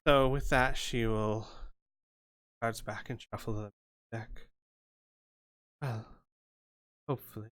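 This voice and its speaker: A man acting as game master, talking in an animated, emphatic way. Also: on the low side, slow pace, clear, resonant tone. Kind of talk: running a tabletop game.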